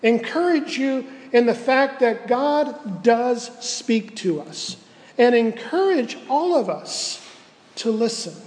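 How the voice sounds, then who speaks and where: High-voiced pastor preaching in a reverberant hall. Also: male voice, animated, a little mellow. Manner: earnest, measured preaching with slowed emphasis. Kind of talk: sermon.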